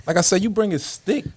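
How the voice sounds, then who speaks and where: A man's voice: high voice, darkish tone, breathy edge, dry recording. A man appearing as a guest on a radio talk show, speaking bluntly about his case against the police.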